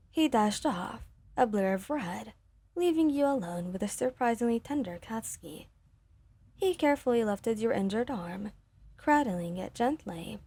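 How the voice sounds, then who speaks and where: A woman reading a fan fiction story aloud in a gentle, steady manner. Her voice is mellow and breathy, recorded close with a dry sound. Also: a little high, unhurried, no room sound.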